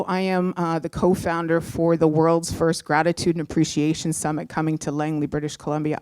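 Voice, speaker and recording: A middle-aged woman from Canada telling a personal story, heartfelt, moving between animated and hushed moments. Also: low-pitched, no room sound, studio quality.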